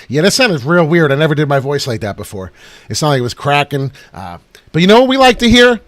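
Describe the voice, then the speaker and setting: A man's voice: fairly high pitch, big pitch swings, a little fast, dry recording. A man hosting a casual livestream about crypto markets, boisterous and hyped, swearing freely and breaking into chants.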